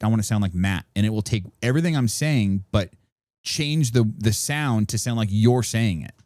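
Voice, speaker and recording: A man's voice: fairly low pitch, expressive, normal speed, darkish tone, dry recording. A man co-hosting a casual podcast, explaining things at length with lots of fillers into a studio microphone. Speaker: podcast co-host.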